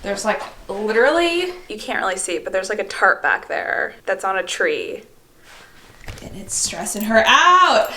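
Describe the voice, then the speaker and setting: A woman's voice: medium pitch, very animated, measured pace, pushed and bright, slight background noise. A young woman vlogging at home, chatting casually to the camera with lots of "like" and asides to her dog. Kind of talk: casual vlog chat to camera. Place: at home indoors.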